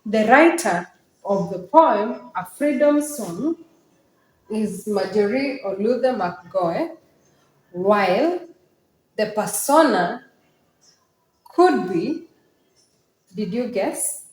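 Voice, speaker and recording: A woman's voice: mid-range voice, lively intonation, darkish tone, reverberant, poor audio. A woman teaching a literature lesson on poetry, speaking emphatically and asking her students questions. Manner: emphatic, questioning, slow and deliberate.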